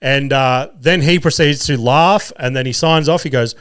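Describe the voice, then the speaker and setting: A young man spins a swear-heavy story on his podcast, jumping into mock voices of the people he met. His voice sits at an ordinary middle pitch and comes through smooth and clear. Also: normal speed, hardly any pauses. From Australia. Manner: profane, animated, mocking impressions of others. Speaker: podcast host. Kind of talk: casual storytelling monologue.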